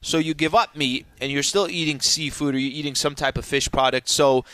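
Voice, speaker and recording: Brief: male radio co-host, bright forceful voice, playful emphatic banter, dry close mic. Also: a little high, fairly even intonation, brisk, dry recording. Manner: playful, emphatic, repeats himself. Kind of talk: casual sports-radio banter.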